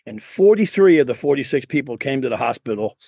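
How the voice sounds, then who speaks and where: Man, middle-aged, American, interview guest, rambling storytelling, gravelly voice, dry close sound. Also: mid-range voice, expressive, quick pace, mellow, no echo. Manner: rambling, earnest, full of restarts and asides. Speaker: guest, insurance sales coach.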